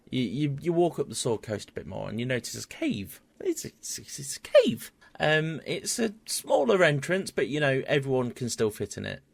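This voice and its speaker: A man's voice: medium pitch, gravelly, no room sound. A man narrating a tabletop game as game master, stumbling over fillers and repeated words.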